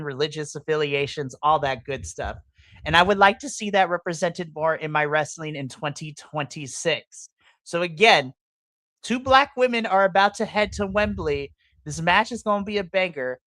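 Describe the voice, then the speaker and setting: A woman's voice: low-pitched, fairly bright tone, no room sound. A woman hosting a live podcast in a casual chat. She rants with passion, breaking into playful, exaggerated asides. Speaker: podcast host. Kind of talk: casual livestream reaction chat.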